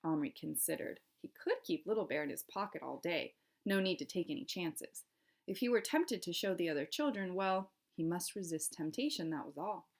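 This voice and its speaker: Low, gravelly woman teacher reading aloud. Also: normal speed. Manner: steady storytelling with classroom asides. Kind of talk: reading a novel aloud to a class.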